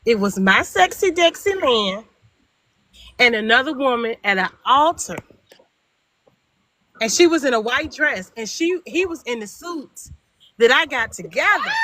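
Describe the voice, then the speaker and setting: High bright-voiced middle-aged woman storyteller. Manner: animated, acts out both sides of dialogue; emphatic repetition. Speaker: guest storyteller. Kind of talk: casual storytelling chat.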